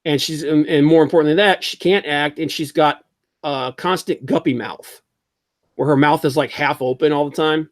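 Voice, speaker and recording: A man hosting a casual livestream talk show, animated and opinionated, reading chat comments aloud. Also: a little high, normal speed, no echo, studio quality. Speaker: podcast host.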